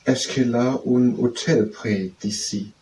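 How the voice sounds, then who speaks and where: A man, tutoring by slowly repeating French phrases and testing how they sound, then leading simple wrist exercises. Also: mid-range voice, fairly even intonation, a little mellow. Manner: slow, repetitive, trying out pronunciations. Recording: distant mic with faint background noise.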